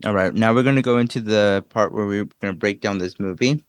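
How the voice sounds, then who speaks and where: A man's voice: lowish voice, fast, clear, resonant tone, no echo. A man co-hosting a podcast, rambling and laughing as he recaps a film in casual chat. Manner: rambling, self-interrupting, laughs often. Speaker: podcast co-host. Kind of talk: casual movie discussion.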